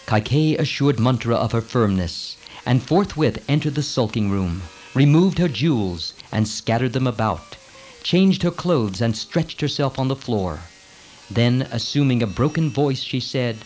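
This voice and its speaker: A man reading a storybook tale aloud in a measured, formal way. His voice sits at a plain middle pitch, with faint music under the narration. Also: lively intonation, a little mellow, rough recording.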